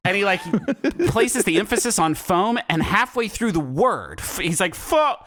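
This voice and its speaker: A man co-hosting a podcast, chatting comedically in a meandering, animated way with many filler pauses. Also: high voice. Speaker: podcast co-host. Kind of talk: casual comedic chat.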